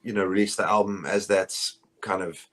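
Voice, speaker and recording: Over a phone call, a South African bassist for a band answers interview questions in a rambling, casual way, full of fillers and restarts. He speaks at a moderate pace with fairly even intonation.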